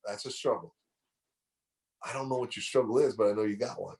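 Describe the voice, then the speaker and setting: A man's voice: lowish voice, fast, creaky, a little mellow. A middle-aged man giving a motivational speech, preaching and telling a story, repeating phrases for emphasis. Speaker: motivational speaker.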